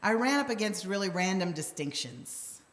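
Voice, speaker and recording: A middle-aged woman minister preaches a conversational sermon in a church sanctuary, telling wry, self-deprecating stories and acting out the quotes. Her mid-range voice is expressive at normal speed, with long church hall reverb.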